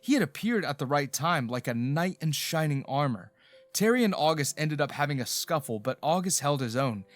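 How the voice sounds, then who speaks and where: A man narrating a first-person love story in a steady, earnest way, with soft background music. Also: fairly high pitch, normal speed, no room sound.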